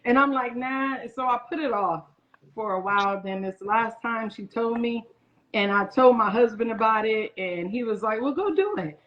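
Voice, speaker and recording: A woman's voice: fairly high pitch, steady tone, moderate pace. A woman in her forties, a guest chef, telling a story in a casual interview and acting out other people's lines in quoted voices. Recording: muffled lo-fi audio.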